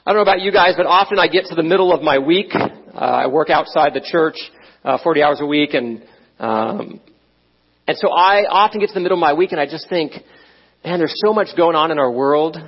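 A man's voice: fairly high pitch, a little fast, husky. A middle-aged man preaching a sermon, telling a personal story in a conversational way with frequent "right?" asides. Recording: dull, muffled sound.

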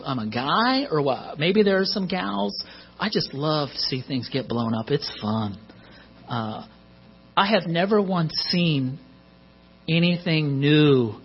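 Middle-aged male preacher, chatty sermon with asides, fairly high, breathy voice, muffled lo-fi take with hum. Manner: conversational, joking asides. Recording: muffled lo-fi recording with mains hum.

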